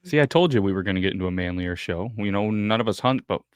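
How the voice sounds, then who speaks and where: Low-voiced man bantering, dry room. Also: quick pace, smooth, no room sound. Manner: dry joking banter, teasing questions. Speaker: podcast co-host. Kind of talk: casual chat.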